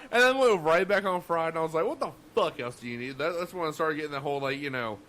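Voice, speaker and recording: Excitable swearing man telling kitchen stories. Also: on the high side, fast. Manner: animated, laughing, lots of profanity and restarts. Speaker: podcast co-host. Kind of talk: casual chat, swearing storytelling.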